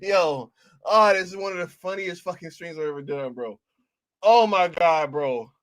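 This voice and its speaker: A man's voice: on the high side, moderate pace. Laughing man reacting on a stream. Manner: breaks into loud laughter, slangy and profane.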